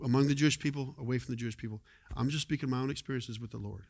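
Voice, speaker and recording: A male pastor preaching a sermon in a conversational way, moving between quiet asides and loud exhortation. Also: mid-range voice, steady tone, very fast, vocal fry. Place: church sanctuary.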